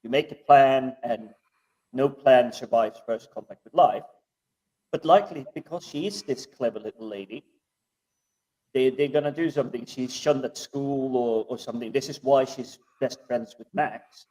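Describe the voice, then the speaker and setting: A man speculates thoughtfully in casual podcast chat. His voice comes from some way off the microphone. His pitch sits in the middle range. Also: normal speed, darkish tone. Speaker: TV review podcast co-host. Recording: distant from the microphone.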